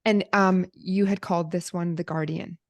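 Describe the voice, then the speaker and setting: Brief: woman podcast host, lively personal storyteller. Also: on the low side, normal speed. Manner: animated, swearing, quoting herself. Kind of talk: emotional storytelling to viewers.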